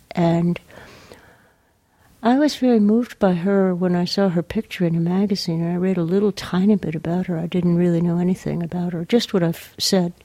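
An older woman poet talking in a radio interview, soft-spoken and hesitant, pausing often, and reading her poems aloud. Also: fairly low pitch, no room sound. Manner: hesitant, soft-spoken, many pauses and fillers.

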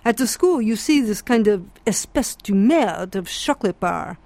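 A woman voicing a scornful, opinionated middle-aged Frenchman, speaking slowly and emphatically with sarcasm. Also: high voice, lively intonation, creaky, a little mellow, no echo. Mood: lecturing.

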